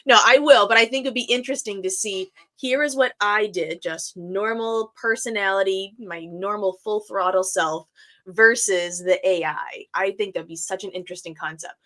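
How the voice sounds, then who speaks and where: Bright upbeat woman co-host. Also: medium pitch, normal speed. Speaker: podcast co-host. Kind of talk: casual chat.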